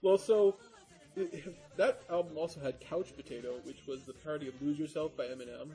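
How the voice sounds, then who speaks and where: A man co-hosting a podcast, recounting in a relaxed, rambling casual chat. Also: on the high side, brisk, a crowd in the background, low-quality recording. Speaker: podcast co-host.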